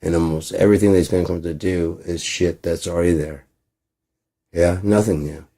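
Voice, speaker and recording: A man's voice: low voice, steady tone, fairly quick, warm tone. A man rambling in a casual monologue, profane, acting out both sides of imagined conversations. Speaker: channel host.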